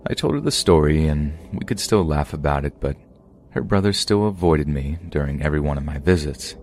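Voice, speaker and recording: A man hosting a podcast, reading submitted true scary stories aloud in a steady, measured way. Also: extremely low pitch. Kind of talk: scripted horror story narration.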